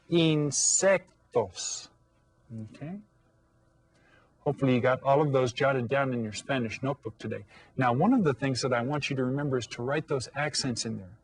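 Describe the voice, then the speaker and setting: In a video lesson for young kids, a male elementary Spanish teacher patiently says each word slowly, checks that the children are keeping up, and calls out lively classroom commands. His voice is medium-pitched, with no room sound.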